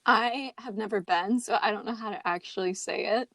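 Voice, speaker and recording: A woman's voice: mid-range voice, moderate pace, creaky, pushed and bright. A young woman co-hosting a podcast, easygoing and self-deprecating, telling stories in casual chat. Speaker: podcast co-host.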